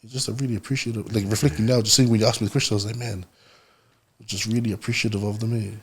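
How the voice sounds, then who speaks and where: A man, a podcast guest telling stories in relaxed casual conversation. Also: lowish voice, very fast, slightly rough. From New Zealand. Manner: relaxed, storytelling, laughs often.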